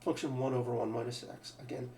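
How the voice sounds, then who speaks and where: A man explains a math lesson out loud, often restarting his sentences and putting questions to the class. His voice is gravelly and sits a little high. The sound is picked up from a distance in an echoey room, with a faint hum behind it. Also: steady tone, quick pace. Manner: thinking aloud, restarts, asks rhetorical questions. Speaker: math teacher. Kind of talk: lecture.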